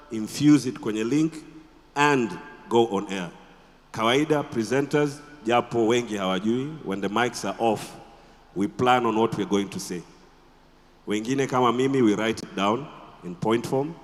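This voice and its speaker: A man with a Tanzanian accent giving a conference talk as a radio presenter, animated and quizzing the audience with rhetorical questions. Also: lowish voice, in a large hall. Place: conference hall.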